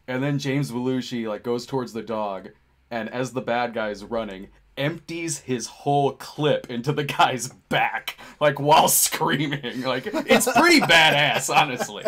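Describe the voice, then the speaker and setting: A man's voice: mid-range voice, lively intonation, measured pace, a bit bright. A man co-hosting a livestream, reading viewer questions and rambling casually with lots of fillers. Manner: rambling, filler-heavy, laughs often.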